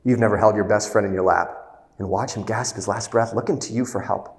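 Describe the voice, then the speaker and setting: Brief: blunt, fatherly middle-aged therapist, put on by a male speaker, low voice, roomy hall reverb. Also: fairly even intonation, natural voice. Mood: earnest. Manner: retelling a film scene, quick emphatic delivery.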